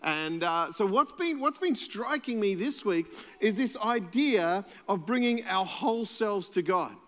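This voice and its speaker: A man's voice: high voice, lively intonation, a little slow, a bit bright, in a large hall. A man with an Australian accent, a pastor preaching a sermon in a conversational, playful way and joking with the congregation.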